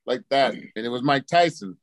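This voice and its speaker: Profane, animated male storyteller. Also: medium pitch, moderate pace, no echo. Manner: profane and animated, acts out his own reactions. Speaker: guest storyteller. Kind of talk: casual storytelling.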